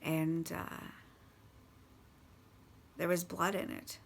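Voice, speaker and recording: A woman casually recounting life with a partner's drinking, halting and swearing bluntly, with many restarts. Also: fairly low pitch, level tone, creaky, a little hiss or hum. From Canada. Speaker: partner of a recovering alcoholic. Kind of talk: casual personal storytelling.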